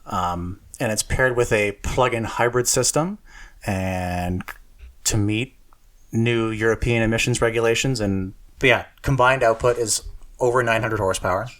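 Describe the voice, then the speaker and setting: Guy with a lowish voice co-hosting a car podcast, chatty and rambling, lots of likes and uhs. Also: moderate pace, a bit bright. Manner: chatty, self-deprecating, lots of fillers. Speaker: podcast co-host. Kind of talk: casual podcast chat.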